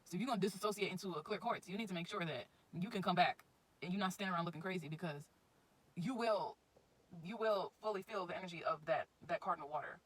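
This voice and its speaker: A woman's voice: on the low side, quick pace, poor audio. A woman giving casual spiritual advice in a chatty, informal vlog, often circling back to her points. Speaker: astrology vlogger.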